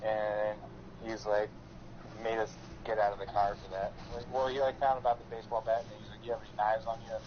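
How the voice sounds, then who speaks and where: A man's voice: lowish voice, little pitch movement, a little fast, noisy background. A man co-hosting a podcast, telling a rambling, profane story full of fillers. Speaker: podcast co-host. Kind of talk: casual storytelling chat. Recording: dull lo-fi podcast audio.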